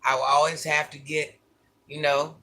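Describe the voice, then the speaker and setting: A man's voice: fairly high pitch, little pitch movement, normal speed, bright, forceful tone. A man vlogging, casually telling his viewers a personal story, candid and repeating phrases for emphasis.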